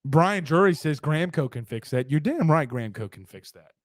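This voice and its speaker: A man hosts a casual sports talk show in a slightly high voice. He talks in a quick, emphatic rush, reading out viewer comments and teasing his co-host. The sound is dry and close. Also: expressive, no room sound.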